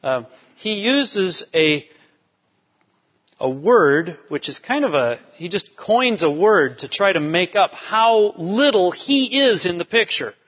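A man's voice: high voice, big pitch swings, takes it slowly, slightly rough. A man preaching a sermon, emphatic, driving home key phrases by repeating them. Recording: dull lo-fi sound with long hall reverb.

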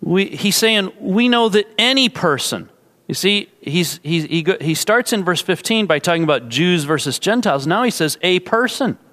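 A man's voice: high-pitched, animated, normal speed, fairly bright tone. A man preaching an expository sermon, explaining carefully and putting rhetorical questions to his listeners. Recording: long hall reverb.

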